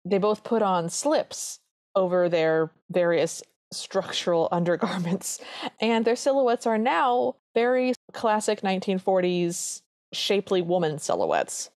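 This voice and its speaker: A woman's voice: medium pitch, animated, measured pace, darkish tone, dry recording, studio quality. A woman co-hosting a podcast, chatting earnestly as she reviews an old cartoon. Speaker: podcast co-host. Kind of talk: casual chat reviewing a cartoon.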